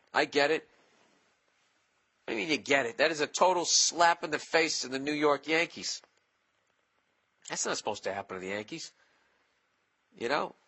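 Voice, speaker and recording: A man in his forties with a Boston accent, hosting a solo podcast in a profane, sarcastic comic rant that jumps up loud when he mocks people. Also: mid-range voice. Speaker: podcast host.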